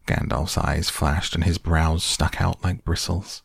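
A man narrating an audiobook in a steady, unhurried storytelling manner, close to the mic. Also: rumbling low, vocal fry, slightly rough, no echo. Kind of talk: scripted narration.

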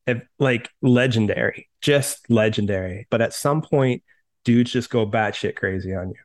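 A man's voice: mid-range voice, moderate pace. A man hosting a podcast in casual chat, reacting with jokey interjections. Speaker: podcast host.

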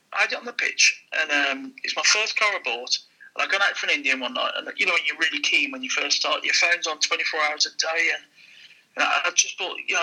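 A man, a former car dealer, telling animated anecdotes in casual conversation and voicing the people in them. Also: fairly high pitch, slightly rough, poor audio. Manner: animated, quick anecdote with voiced quotes. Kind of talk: casual storytelling.

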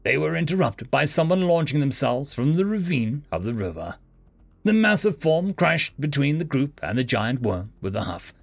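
A man narrating a fantasy story in an expressive storytelling manner. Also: a little high, normal speed, vocal fry. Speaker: audiobook narrator. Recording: faint background music. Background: faint music.

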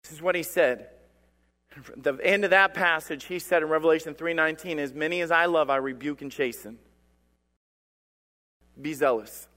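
A man preaching a sermon as lead pastor, swinging between loud declarations and quiet, low asides. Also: moderate pace, long pauses. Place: church sanctuary. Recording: long hall reverb.

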